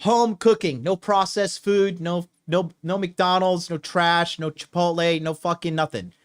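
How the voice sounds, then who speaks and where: A man's voice: high-pitched, steady tone, unhurried, clean tone. A young adult man giving a solo advice talk as a dating coach, profane and emphatic, repeating points over and over.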